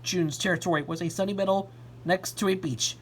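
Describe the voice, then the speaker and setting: A woman reading a fan story aloud in an expressive storybook style. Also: lowish voice, a little fast, slightly rough. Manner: expressive, lively narration. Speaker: reader.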